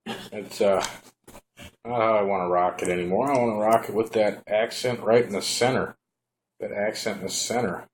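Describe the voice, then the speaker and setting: Low-voiced guy rambling thru a casual gear review at home, camera mic, bit of faint hiss. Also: normal speed. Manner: relaxed, rambling, talks to the camera while handling the device. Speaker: product reviewer. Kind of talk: casual hands-on product review.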